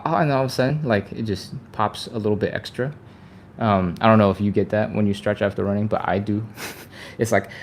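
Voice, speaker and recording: Low-voiced man coaching a live stretch. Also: vocal fry, darkish tone, a little hiss or hum. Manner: upbeat and chatty, sighs and laughs between cues. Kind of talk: live workout instruction.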